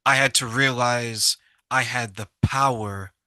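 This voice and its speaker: A male interview host who asks questions in a measured, inquisitive way. His voice sounds very bright and forward, and it is recorded dry and close, with no room sound. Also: medium pitch, fairly even intonation, dry recording.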